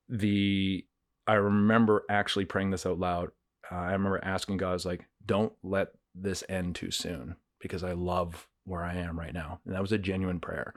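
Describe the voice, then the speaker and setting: A man's voice: sits low, no echo, clean studio sound. A man co-hosting a podcast, talking in an earnest, searching way with fillers and restarts. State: getting emotional. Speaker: podcast co-host. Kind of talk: reflective casual conversation. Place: countryside home.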